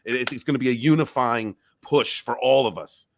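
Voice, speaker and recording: A man's voice: medium pitch, fairly quick, a little hiss or hum. A man hosting a casual live panel chat, enthusiastic and laughing often, repeating his phrases. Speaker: host.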